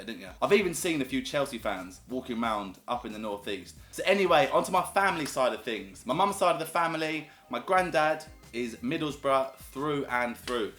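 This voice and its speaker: A man's voice: medium pitch, a bit bright. A man with a southern English accent chatting casually to camera, upbeat and storytelling. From southern England. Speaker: YouTuber. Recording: echoey room with faint music.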